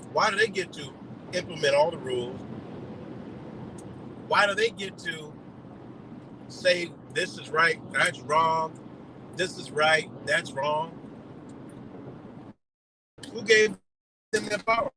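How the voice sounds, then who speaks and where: Over a noisy background, a man with a fairly high voice delivers a heated, profane ranting monologue on a live stream, packed with rhetorical questions.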